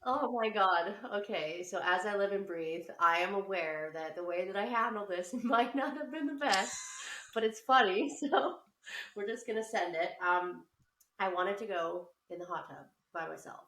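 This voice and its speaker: A woman's voice: medium pitch, moderate pace, a bit bright. A woman who is a mother, chatting casually and telling a story with plenty of swearing and laughter. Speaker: podcast co-host and mother. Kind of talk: casual chat. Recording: roomy, a bit distant from the mic.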